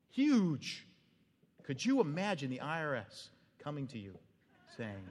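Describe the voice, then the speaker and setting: In a big-room setting, a man preaches as a pastor with a slightly high, somewhat mellow voice that swings hugely in pitch. He takes his time, talking in a conversational, animated way, acting out quotes and laughing at his own jokes.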